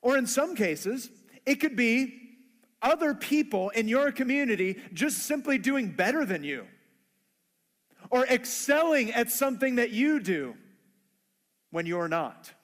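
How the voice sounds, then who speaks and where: A man's voice: very high voice, big pitch swings, a little slow, long pauses, a bit bright, long reverb tail. A man preaching a sermon who acts out everyday conversations in playful voices. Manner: acts out dialogue in funny voices. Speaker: pastor.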